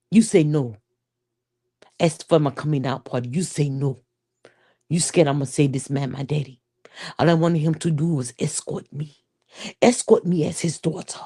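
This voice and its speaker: A woman's voice: sits low, mellow, husky, pitched below the performer's own voice. A woman playing an angry, confused teenage daughter who rants at her mother in a profane, accusing way, as an improvised comic scene. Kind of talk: improvised comedic scene acting.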